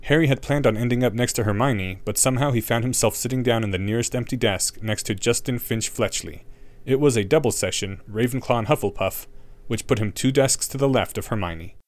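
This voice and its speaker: A man narrating an audiobook with an expressive, wry reading. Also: mid-range voice, brisk.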